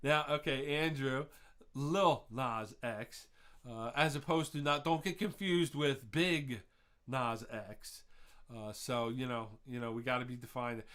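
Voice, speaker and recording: A man's voice: mid-range voice, a little slow, fairly bright tone. Laughing, rambling quiz host, a man. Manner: laughs at his own jokes, rambling rants. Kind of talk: live-streamed quiz hosting with chatty asides.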